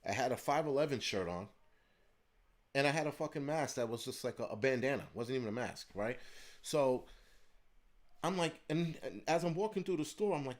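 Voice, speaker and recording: A man's voice: mid-range voice, lively intonation, moderate pace. A man hosting his channel, telling a story in a heated, profane rant. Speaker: host of a prepping channel. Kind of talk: ranting storytelling monologue.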